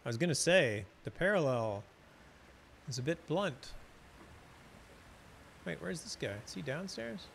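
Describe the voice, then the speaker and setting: A man's voice: fairly high pitch, sing-song, measured pace, creaky, long pauses, fairly bright tone, a little hiss or hum. A man casually rambling and chatting while streaming a fantasy game, often restarting his sentences. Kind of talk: casual gameplay commentary.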